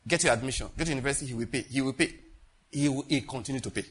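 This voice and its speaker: A man preaching a sermon as pastor, repeating phrases and swinging between loud and hushed delivery. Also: mid-range voice, racing, breathy edge.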